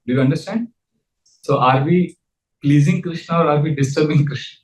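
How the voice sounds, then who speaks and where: A man's voice: on the high side, normal speed. Earnest man lecturing in an echoey room. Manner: earnest, leads call-and-response chanting. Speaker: spiritual teacher. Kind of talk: scripture lecture.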